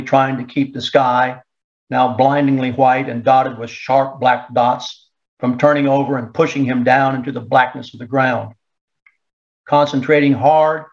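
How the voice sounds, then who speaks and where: A man narrating a story in a steady, measured storytelling voice. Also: medium pitch. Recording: dull lo-fi recording.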